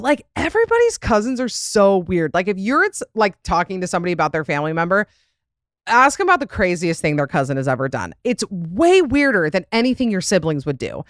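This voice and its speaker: A woman's voice: mid-range voice, dry recording, studio quality. A young adult woman hosting a podcast in casual chat, rambling and laughing with plenty of fillers. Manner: chatty, rambling, lots of "like" and laughs. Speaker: podcast host.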